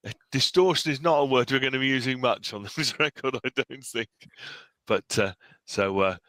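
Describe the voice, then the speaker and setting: A man's voice: mid-range voice, normal speed, fairly bright tone, no room sound. A man co-hosting a casual music review podcast, loose and hesitant, with chuckles. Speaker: podcast co-host.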